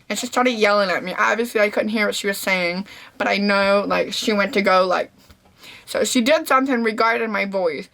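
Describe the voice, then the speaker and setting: Young adult woman, deaf speaker's voice, casual vlog storytelling, bright tone, slangy. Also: medium pitch, a little fast, gravelly. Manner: animated storytelling, slangy, acts out quotes. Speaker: vlogger. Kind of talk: casual talking-to-camera recap.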